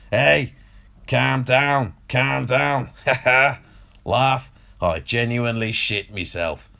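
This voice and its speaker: A man's voice: medium pitch, creaky, sharp tone, heavily acted. A man voicing a crude, sneering elderly media baron in a put-on Australian accent, in a comedy podcast monologue. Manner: foul-mouthed, gloating, mocking.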